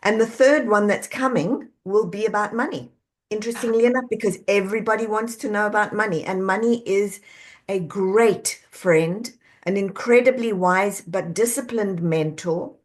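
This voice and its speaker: A middle-aged woman, an executive coach and author, talking as a podcast guest, telling animated stories and acting out quoted voices with easy laughter. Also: medium pitch, normal speed. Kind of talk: conversational podcast interview.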